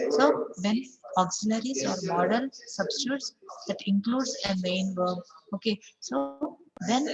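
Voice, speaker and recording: A woman's voice: mid-range voice, low-quality recording. A woman with an Indian English accent teaching an online English class. She repeats example sentences and says "okay" often. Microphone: video call. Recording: online class audio with crowd chatter behind.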